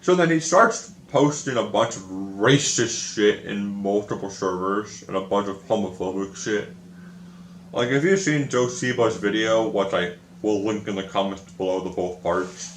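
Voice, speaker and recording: Young man, lowish voice, casual frustrated rant, profanity, echoey room. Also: a bit bright, a little hiss or hum. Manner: frustrated, swearing often, repeats himself. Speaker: video creator.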